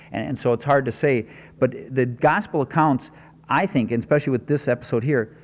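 A man's voice: mid-range voice, darkish tone. Man preaching in a reverberant hall. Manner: conversational, rhetorical questions, frequent restarts. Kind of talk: expository sermon.

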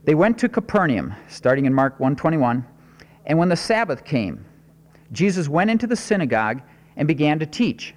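A man preaching a sermon as pastor, earnest and measured, with emphatic rises. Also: a little high, long reverb tail.

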